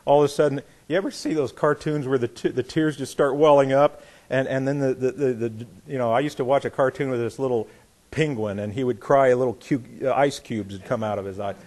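Male pastor, middle-aged, preaching conversationally and voicing the people in his stories, mid-pitched voice. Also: brisk. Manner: conversational, animated, acts out quotes. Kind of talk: sermon with storytelling.

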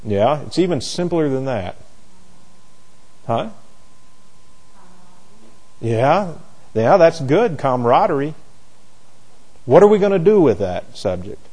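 Animated, mellow-voiced man teaching a class. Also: fairly high pitch, takes it slowly, long pauses, slightly rough, low-quality recording. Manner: rhetorical questions, repeats and restarts phrases; chatty, folksy asides. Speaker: Bible study teacher.

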